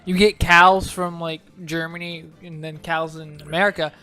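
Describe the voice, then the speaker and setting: High-voiced rambling young man co-host. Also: level tone, pushed and bright, clean tone. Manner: rambling, halting with many fillers. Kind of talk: casual couch chat over gameplay.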